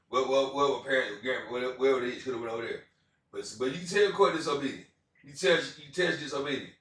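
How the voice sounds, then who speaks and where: Preaching informally on scripture out in the street, a man wanders through his points with lots of repetition and filler words. He has a mid-range, fairly bright voice, captured from a distance in a very echoey space.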